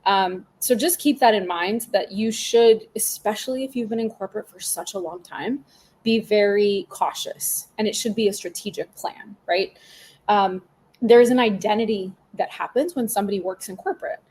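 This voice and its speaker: A woman in her thirties speaks as a podcast guest in a relaxed, chatty way, full of fillers and quick asides. Her voice has a slightly husky grain and sits at an ordinary middle pitch for a woman. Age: 30s. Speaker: podcast guest, business mentor. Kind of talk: casual interview conversation.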